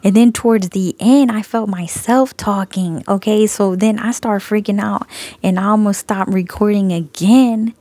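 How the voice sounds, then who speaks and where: A woman's voice: mid-range voice, moderate pace, mellow, no room sound. A woman giving a casual spoken testimony, telling her story with animation, laughing often and acting out both sides of her conversations, recorded on a phone. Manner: frequent laughter. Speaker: Christian video creator sharing messages.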